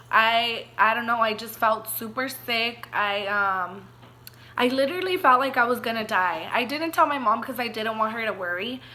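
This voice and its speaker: A young woman vlogger with a high, sharp-toned voice shares a personal story in a chatty, emotional way. She says "like" constantly and gets teary as she talks.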